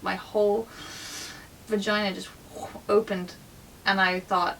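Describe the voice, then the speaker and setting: A woman shares a deeply personal story in a candid, emotional, chatty way, her middle-pitched voice a little off-mic. A faint low rumble sits under the recording. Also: little pitch movement, slow pace, a bit bright, recorded from a distance, poor audio. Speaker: vlogger.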